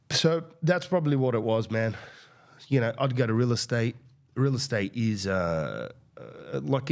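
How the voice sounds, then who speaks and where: A deep-voiced man riffs through a casual podcast monologue. He hesitates often, restarts his sentences, and swears freely, like a comedian thinking out loud. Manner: hesitant, many fillers and restarts, profane.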